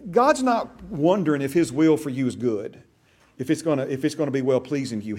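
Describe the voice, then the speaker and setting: A man's voice: medium pitch, a little mellow. A man teaching a church discipleship class in a folksy, conversational way. He often checks in with his listeners and restarts his sentences. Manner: checks in often with "right?" and "okay?"; folksy, with frequent restarts and repeated words.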